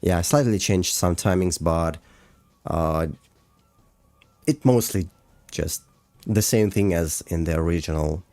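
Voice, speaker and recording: Deep, slow-talking man, hesitant. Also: mellow, no echo. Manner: hesitant, many fillers and restarts. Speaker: animator streaming a breakdown. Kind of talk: casual livestream chat. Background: faint music.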